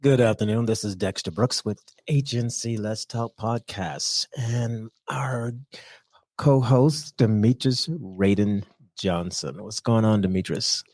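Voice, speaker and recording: Relaxed male podcast host, dry sound. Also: fairly low pitch, slow, no room sound. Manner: relaxed, laughs easily. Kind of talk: casual podcast conversation.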